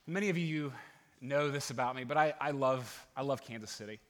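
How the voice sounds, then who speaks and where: A middle-aged man preaching as a pastor, earnest, with many restarts and fillers, getting animated as he goes. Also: medium pitch, brisk. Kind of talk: sermon with opening prayer.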